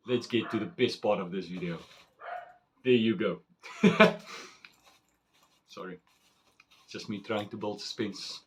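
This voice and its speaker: A man chatting casually as he unboxes and reviews a knife, excitable and rambling with fillers. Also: fairly low pitch, a little slow, long pauses.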